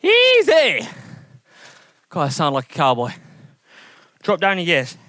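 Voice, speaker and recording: A man coaching an indoor cycling workout, energetic and encouraging as he calls out intervals and counts down, sweating as he rides. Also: fairly high pitch, moderate pace, no room sound, clean studio sound. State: sweating from exertion. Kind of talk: coaching a training session.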